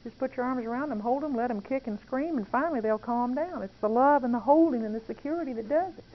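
A woman's voice: on the high side, fast. A woman speaking earnestly and intimately about prayer and faith, confiding like a testimony, in a dull lo-fi recording. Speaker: Christian speaker. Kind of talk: testimony-style talk on prayer.

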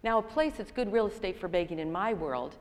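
A woman's voice: medium pitch, animated, a little fast. An older woman giving a sermon, telling stories in a self-deprecating way. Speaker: speaker. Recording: long reverb in a large hall.

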